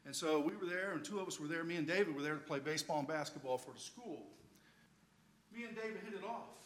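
A man's voice: on the high side, lively intonation, quick pace, a bit bright. An older man preaching, telling a playful, humorous personal story as a storytelling sermon.

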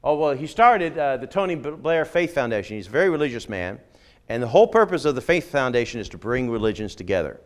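This fast-talking man has a medium-pitched, sing-song delivery. Raised in the United Kingdom and now middle-aged, the former missionary lectures emphatically yet conversationally on religion, peppering his talk with "okay?"

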